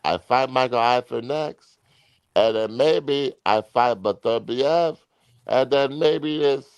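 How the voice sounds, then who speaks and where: A man's voice: mid-range voice, slow pace, smooth, dry recording, pitched above the performer's own voice. A man doing a mock Eastern European accent as a swaggering, dismissive male boxer. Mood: boastful. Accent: put-on Eastern European.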